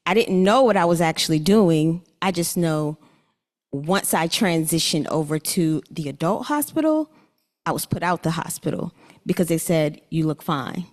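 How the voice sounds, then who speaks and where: A young woman telling her own story at a conference, earnest and a little halting. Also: fairly low pitch, expressive, a little mellow. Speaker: summit speaker. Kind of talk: personal talk at a conference. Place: conference hall. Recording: long hall reverb.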